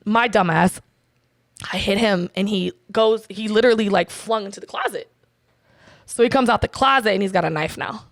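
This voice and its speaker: A woman's voice: mid-range voice, normal speed, no echo, clean studio sound. A young woman telling a personal story in casual, profane talk, quoting herself and others. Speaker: guest.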